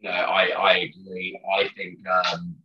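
A man's voice: low-pitched, monotone, takes it slowly. A man co-hosting a podcast in casual chat, upbeat and jokey with hesitant starts. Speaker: podcast co-host. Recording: dull, roomy, distant mic.

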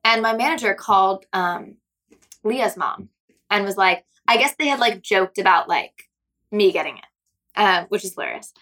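A woman's voice: medium pitch, expressive, normal speed, pushed and bright. A young woman from Seattle telling a story as a guest in a casual chat, rambling along with heavy filler words. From Seattle, United States.

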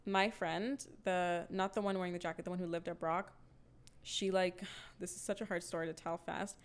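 With energy and plenty of profanity, the young woman acts out the quotes in a story told during casual chat. Her lowish voice is clear and resonant, moving at a moderate pace.

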